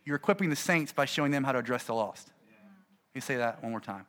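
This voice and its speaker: A middle-aged man, a pastor, gives an animated, conversational talk to fellow preachers and acts out his stories. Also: mid-range voice, quick pace.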